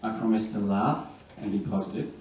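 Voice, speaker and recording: A man's voice: lowish voice, moderate pace, a little mellow. A young man, the groom, reading earnest and tender wedding vows with some light humor. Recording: echoey distant venue sound with ambient noise.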